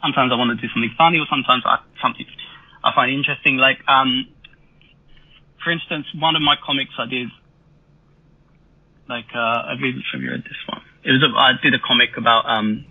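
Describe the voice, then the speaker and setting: Guest man from Britain, husky voice over a tinny remote call line, rambling and hesitant. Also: medium pitch, fairly quick, long pauses, dry recording. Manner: rambling, hesitant, many fillers and restarts. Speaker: manga artist guest. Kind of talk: casual podcast interview.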